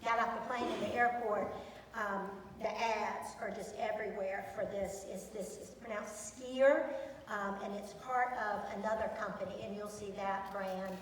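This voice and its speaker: A woman's voice: mid-range voice, steady tone, normal speed, slight background noise. A woman teacher presenting to students, chatty and enthusiastic, with many ums. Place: large echoey school hall. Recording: echoey hall from far off.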